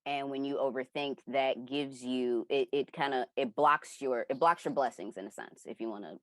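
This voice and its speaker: Low-voiced woman telling a dream story. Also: moderate pace, no echo. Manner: rambling, animated retelling with quoted inner voices. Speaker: community member sharing a dream. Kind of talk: casual personal storytelling.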